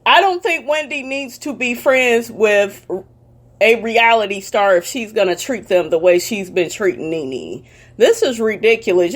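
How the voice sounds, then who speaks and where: Sassy, blunt woman ranting. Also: a little high. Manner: sassy, blunt, cursing freely. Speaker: commentary vlogger. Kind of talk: heated profane commentary rant.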